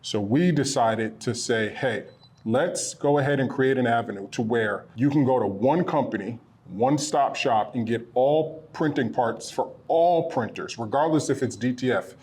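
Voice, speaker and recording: A man who owns a printing supply business, chatting casually and a bit ramblingly as he pitches products from his small shop. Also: moderate pace, darkish tone, breathy edge. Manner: rambling, self-correcting, earnest. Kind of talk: casual promotional chat. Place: their small shop location.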